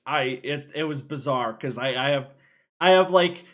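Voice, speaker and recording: A man's voice: medium pitch, normal speed, a bit bright. A young man co-hosting a casual podcast, often laughing and quoting what people told him. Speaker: podcast co-host. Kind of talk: casual chat.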